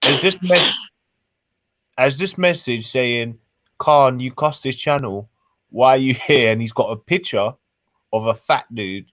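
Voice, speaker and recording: A man's voice: mid-range voice, unhurried, long pauses, fairly bright tone, no echo. A young man, teasing and chatty as he co-hosts a casual livestream. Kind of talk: casual online chat.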